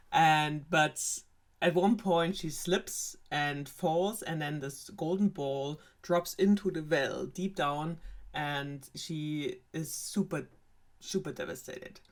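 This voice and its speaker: A young woman with a German accent retelling a fairy tale in a sarcastic, rambling way, with many fillers. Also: low voice. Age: young adult. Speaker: storyteller.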